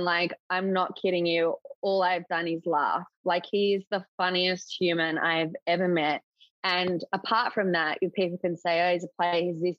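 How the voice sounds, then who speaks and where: A woman's voice: lowish voice, no room sound. A young adult woman, a podcast guest, talking openly and chattily with lots of filler words. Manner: chatty, open, full of filler likes. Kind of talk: casual chat. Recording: dull, dry lo-fi audio.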